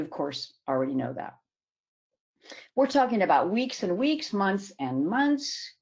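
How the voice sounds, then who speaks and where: A woman consultant presenting a webinar, explaining in an emphatic way and slowing down to stress key words. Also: mid-range voice. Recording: dull lo-fi webinar audio.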